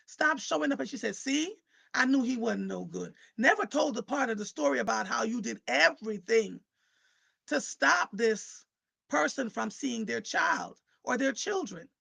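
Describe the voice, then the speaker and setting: A woman hosting a live stream, her voice pitched fairly high with a strong gravelly fry running through it. She talks casually and animatedly, speaking straight to her viewers and guests and often doubling up words as she gets going. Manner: animated, repeats words when starting a thought; addresses viewers and guests directly, conversational. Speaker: live show host. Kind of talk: casual livestream talk.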